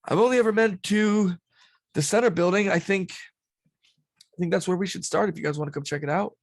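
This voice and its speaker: A man's voice: sits high, normal speed, dry recording, clean studio sound, pitched above the performer's own voice. A man voicing a nervous young male guide who stammers and hesitates. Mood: hesitant. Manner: hesitant, stammering, repeating words.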